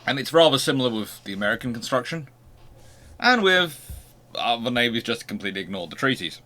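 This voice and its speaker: A man's voice: medium pitch, very animated, a little fast, bright, forceful tone. A man hosting a history channel, giving an unscripted lecture and posing rhetorical questions as he explains.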